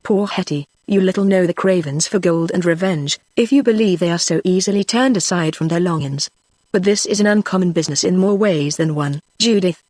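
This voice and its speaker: A humble, plain-spoken frontier hunter from an old storybook, read by a computer voice. The pitch sits in the middle and the sound is dry and close, with an even machine-made delivery. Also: a little fast, dry recording, lightly acted. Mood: thoughtful. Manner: even synthetic reading.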